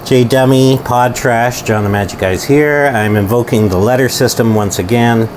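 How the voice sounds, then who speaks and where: A man's voice: medium pitch, normal speed, background noise. A man with a Southern American accent hosting a live show, wry and rambling, swearing casually as he chats with viewers. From Southern United States. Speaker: podcast host.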